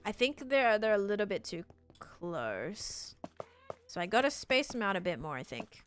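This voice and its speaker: A woman's voice: medium pitch, sing-song, measured pace, fairly bright tone, faint music behind. A young woman, chatting casually while live-streaming a game and answering chat.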